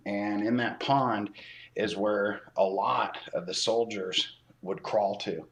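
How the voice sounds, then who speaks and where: A man co-hosting a casual podcast, telling a story slowly with many pauses and filler words. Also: fairly low pitch, fairly even intonation, fairly bright tone. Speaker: podcast co-host.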